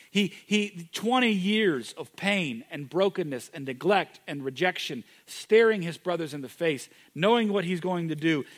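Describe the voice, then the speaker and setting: A man preaching a sermon, moving from loud, emphatic declarations to hushed, intimate moments. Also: high-pitched. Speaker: pastor.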